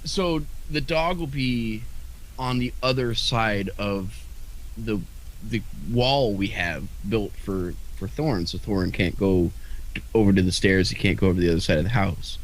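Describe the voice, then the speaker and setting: A man's voice: on the low side, normal speed, slight background noise, low-quality recording. A man co-hosting a podcast in casual chat, talking in a rambling, hesitant way with frequent restarts and the odd swear word. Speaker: podcast co-host.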